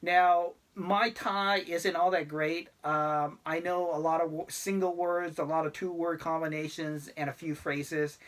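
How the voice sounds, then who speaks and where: A man's voice: a little high, level tone, a little slow, few pauses, fairly bright tone. A middle-aged man talking casually to camera about life abroad, rambling and laid-back with many fillers. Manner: laid-back, self-deprecating. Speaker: expat vlogger.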